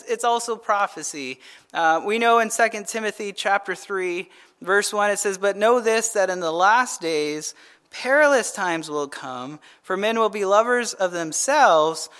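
In a high voice, a male pastor delivers a relaxed, animated Bible teaching, retelling scripture conversationally and frequently tossing in "right?" to check in.

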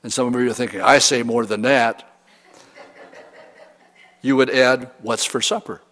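A man's voice: medium pitch, steady tone, unhurried, a bit bright. A pastor preaching a sermon in a conversational, humorous way, acting out examples as he goes. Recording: reverberant hall.

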